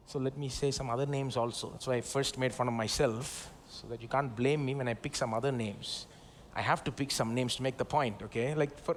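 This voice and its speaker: A man with an Indian English accent and a notably high voice delivers a live sermon in a church service. He talks in a loose, conversational way, full of tag questions. He calls on the congregation to repeat his words back to him. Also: fairly bright tone. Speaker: pastor.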